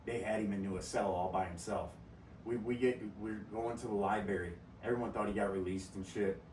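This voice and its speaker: A man's voice: lowish voice, steady tone, a little fast, distant mic, background noise. A man hosting a podcast in casual chat, telling profane stories and laughing often. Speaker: podcast host. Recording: roomy echo from off-mic, faint ambience.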